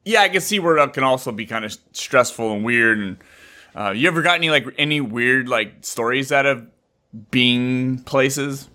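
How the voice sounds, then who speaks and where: A man in casual chat, an animated storyteller who gets excited and swears casually. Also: medium pitch, moderate pace.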